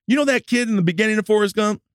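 A man's voice: sits high, rapid-fire, no room sound, clean studio sound. A man co-hosting a casual podcast, cutting in with wry, sarcastic remarks. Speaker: podcast co-host. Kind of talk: casual chat.

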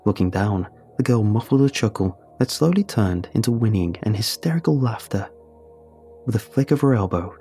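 A man narrating a first-person horror story in a steady, measured way. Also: lowish voice, breathy edge.

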